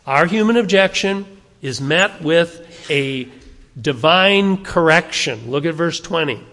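A man's voice: fairly high pitch, animated, slow pace, fairly bright tone. A man preaching a sermon as the pastor, talking earnestly and conversationally, asking the congregation rhetorical questions and repeating himself for emphasis. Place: church sanctuary. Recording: long reverb of a church hall.

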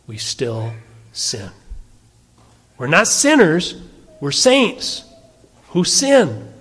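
Male pastor, high-pitched, casual rhetorical sermon style, long hall reverb. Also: wildly swooping pitch, extremely slow, fairly bright tone, slightly rough. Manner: conversational, asks the audience rhetorical questions.

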